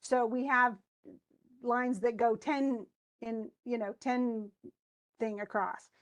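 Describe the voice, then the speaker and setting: A woman with a fairly high voice lectures a class on poetic meter. She reads lines of verse aloud with heavy stresses and taps out the rhythm in syllables. She thinks aloud with restarts and turns to students with questions. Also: fairly even intonation, takes it slowly. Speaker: English instructor.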